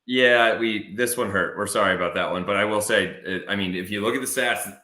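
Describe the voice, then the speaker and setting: A man with an American Midwest accent, co-hosting a sports podcast in a lively, jokey way full of fillers. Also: on the low side, a little fast, roomy sound. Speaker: podcast co-host. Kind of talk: casual sports podcast chat with ad reads.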